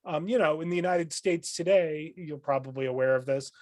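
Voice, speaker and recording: A man, a philosophy professor, explaining ideas as a guest on a podcast in a thoughtful, lecturing way, often pausing with "um" and restarting his phrases. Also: on the high side, darkish tone, no room sound, studio quality. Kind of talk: podcast interview.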